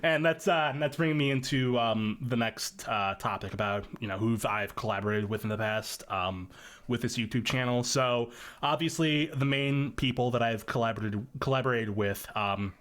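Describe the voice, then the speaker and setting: A man's voice: medium pitch, fairly even intonation, normal speed, a bit bright. A young man chatting casually on a podcast, rambling through his thoughts with frequent ums and restarts. His voice sits in an ordinary middle register for a man. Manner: rambling, many fillers and restarts. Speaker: podcast guest, machinima creator.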